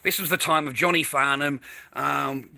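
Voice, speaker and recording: A man's voice: medium pitch, moderate pace, background noise. A middle-aged Australian man rambling and swearing casually while telling stories to his viewers. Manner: swears a lot, tells stories with repeated phrases. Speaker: vlogger.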